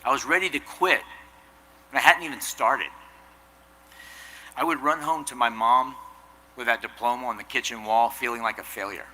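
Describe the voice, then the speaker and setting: Very bright-voiced man giving a commencement speech. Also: mid-range voice, normal speed, long pauses, slight background noise, poor audio. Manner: earnest, self-deprecating storytelling. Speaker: commencement speaker. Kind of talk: commencement address. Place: outdoor commencement ceremony.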